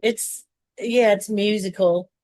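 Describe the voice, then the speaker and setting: Southern woman co-host, meandering explainer, mid pitch, dry close sound. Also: fairly even intonation, slow pace, a little mellow, no room sound. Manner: rambling, explaining, many restarts and asides. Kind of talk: casual chat.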